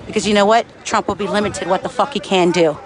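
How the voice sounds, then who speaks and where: A man's voice: sits high, steady tone, quick pace, a crowd in the background. A man livestreaming from a street protest, angry and profane, answering chat comments. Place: outdoors on a city street. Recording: faint street and traffic noise.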